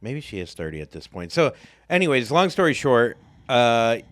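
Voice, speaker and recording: A man in his thirties co-hosting a podcast, telling casual stories in a relaxed way that sometimes drops low. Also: normal speed, no room sound, studio quality. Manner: laid-back storyteller, drops into low mumbles. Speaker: podcast co-host. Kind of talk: casual chat.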